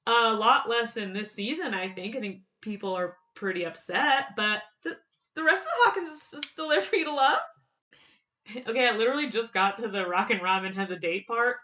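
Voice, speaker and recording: Bright, excitable young woman. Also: a little high, fairly quick. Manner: excited, laughing often, quotes lines in bursts. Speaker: fan commentator. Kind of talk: casual TV reaction commentary.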